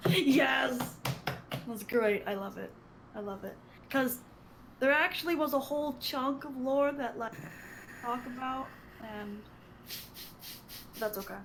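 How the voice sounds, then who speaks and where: A woman's voice: high voice, slow pace, pauses often, a bit bright, slight background noise. Giggly, playful woman guest. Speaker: podcast guest. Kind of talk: casual podcast chat.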